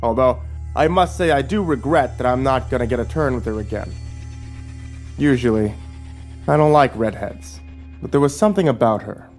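A man's voice: medium pitch, moderate pace, pauses often, soft background music, pitched above the performer's own voice, close to an everyday voice. A man voicing a menacing, smug older sheriff who taunts with a sneering drawl.

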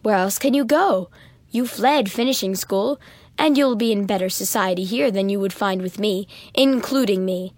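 A woman's voice: mid-range voice, darkish tone, no echo, pitched below the performer's own voice, lightly acted. A woman voicing a grave, melancholy father. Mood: sad, formal. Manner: slow, measured, formal speech. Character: grave aristocratic father, middle-aged man, melancholy.

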